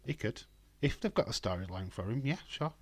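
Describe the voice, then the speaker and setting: A man with a hoarse voice, hosting a casual live stream from home and talking in a blunt, rambling way. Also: mid-range voice, big pitch swings, brisk. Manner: blunt, rambling, profane, reads chat aloud.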